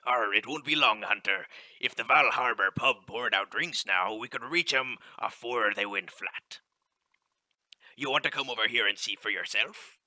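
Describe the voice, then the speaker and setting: A man's voice: mid-range voice, normal speed, sharp tone, no room sound. Man doing a jolly pirate caravaneer. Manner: growly pirate drawl with old-timey slang. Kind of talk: amateur game voice-over reading.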